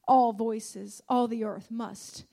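A woman preaches with a high, bright-edged voice. She leans on repetition and punctuates her points with cries of hallelujah. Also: fairly even intonation, slow pace, gravelly. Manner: emphatic, repeats lines, calls out hallelujah. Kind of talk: sermon.

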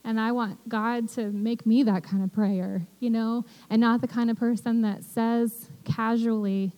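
A woman's voice: a little high, steady tone, moderate pace, few pauses, mellow, low-quality recording. A woman teaching about prayer in an earnest, conversational way, often checking in with her listeners. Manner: earnest, conversational, peppered with "you know". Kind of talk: casual sermon.

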